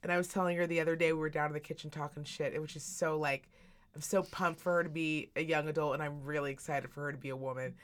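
A woman's voice: sits low, steady tone, quick pace. A woman in her thirties chatting casually as a podcast co-host, candid and full of profanity as she tells family stories. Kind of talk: casual chat.

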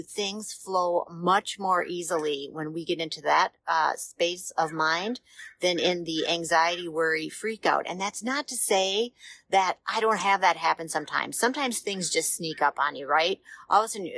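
A woman hosting a motivational podcast, talking in a gentle, reassuring, conversational way with small pauses and fillers. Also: lowish voice, no room sound. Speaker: podcast host.

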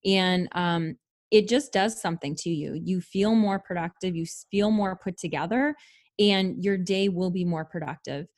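A woman's voice: fairly low pitch, normal speed, a little mellow. A woman co-hosting a podcast, giving casual practical advice with lots of fillers. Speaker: podcast co-host. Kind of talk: casual chat.

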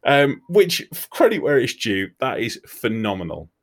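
Animated storyteller, man. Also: mid-range voice, measured pace. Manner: animated, swearing, laughing storyteller. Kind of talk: comic storytelling.

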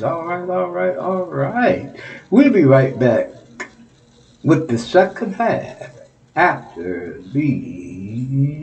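A man's voice: fairly low pitch, darkish tone. A man hosting a small Christian talk program, praying and appealing for donations with exuberant, repetitive phrasing. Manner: exuberant, repeats phrases, laughs. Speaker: radio ministry host. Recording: dull lo-fi audio.

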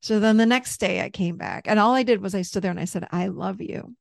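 A middle-aged woman, a therapist and coach, telling a personal story as a podcast guest in a candid, animated way, laughing easily and swearing freely. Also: medium pitch, quick pace, gravelly, no room sound, clean studio sound. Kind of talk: casual storytelling in an interview.

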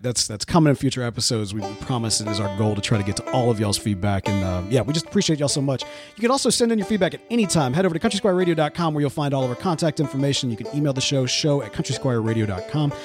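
A man co-hosting a podcast in casual, animated chat with many restarts. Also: mid-range voice, rapid-fire, few pauses, over music. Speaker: podcast co-host.

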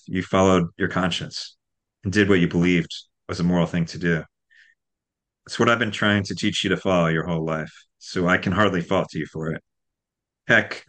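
A middle-aged father with a very deep voice speaks gently and without hurry, taking his son's choice with calm acceptance. He is a plain, decent man in a storybook reading, voiced by the male author. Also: moderate pace. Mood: gentle. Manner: soft and forgiving. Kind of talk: reading aloud from a novel.

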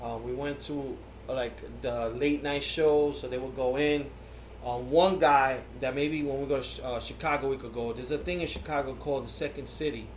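A man's voice: medium pitch, fairly even intonation, moderate pace. Rambling man in an echoey room. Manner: rambling storyteller, heavy fillers and swearing. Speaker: podcast host. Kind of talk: casual chat. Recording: echoey room with faint background noise.

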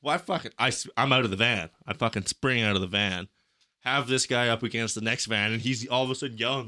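A man's voice: medium pitch, fast, no echo, studio quality. A young adult man on a podcast, telling a story in casual chat, swearing freely and acting out the people in it. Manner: profane, animated storyteller.

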